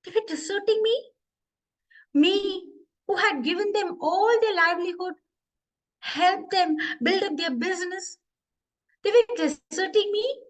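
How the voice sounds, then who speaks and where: A woman storyteller gives voice to an anguished city left behind by its people, wailing in high, lifted cries. She speaks slowly and drags out each lament. It is a live, dramatic storytelling voice. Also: rough recording. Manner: lamenting, dramatic rising outcries. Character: personified city, anguished and abandoned.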